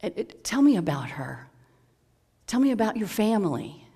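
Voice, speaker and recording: A minister voicing a small, frail old man who speaks in a soft, whimsically high, coaxing voice. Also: big pitch swings, normal speed, slightly rough. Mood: gentle.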